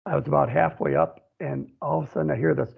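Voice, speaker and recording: A man's voice: fairly high pitch, quick pace, gravelly, husky. A man from central Wisconsin, a guest on a radio show, telling a long personal story in a rambling way, often saying "you know". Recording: tinny phone line.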